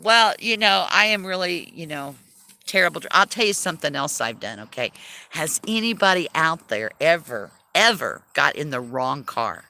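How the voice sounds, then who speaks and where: Woman livestream host, chatty, gravelly voice, laughs a lot. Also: low-pitched, big pitch swings, moderate pace, bright, forceful tone. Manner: chatty, self-deprecating, laughs often. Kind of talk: casual livestream chat.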